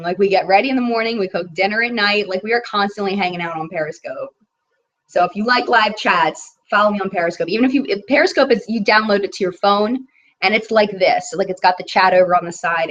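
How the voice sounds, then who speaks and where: Chatty woman doing a beauty live chat, reads out comments, kinda muffled lo-fi stream audio. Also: mid-range voice. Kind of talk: casual live chat reading viewer comments.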